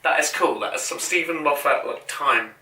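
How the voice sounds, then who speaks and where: A man's voice: a little high, moderate pace. A young man co-hosting a casual fan podcast, speaking bluntly and offhandedly with plenty of swearing. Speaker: podcast co-host. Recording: bright, roomy, from off the mic.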